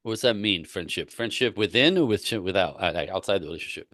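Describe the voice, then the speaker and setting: Male relationship coach, guest on a talk show, low voice, emphatic and repetitive, dry close sound. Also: fast talker, no room sound. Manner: emphatic, repetitive, animated storytelling. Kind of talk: casual interview talk.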